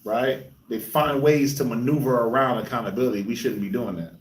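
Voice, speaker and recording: A man's voice: a little fast, recorded from a distance. A man leading a group discussion, talking casually and acting out quoted voices. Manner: conversational, acts out quotes in high voices. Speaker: lead speaker of a discussion group. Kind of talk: animated teaching talk. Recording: echoey room, speaker away from the mic.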